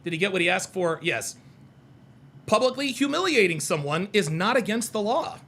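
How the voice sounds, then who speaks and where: A man's voice: sits high, lively intonation, normal speed, vocal fry, pushed and bright. A man hosting a heated livestream, reading out chat comments and arguing with them in a combative, mocking way, repeating his points.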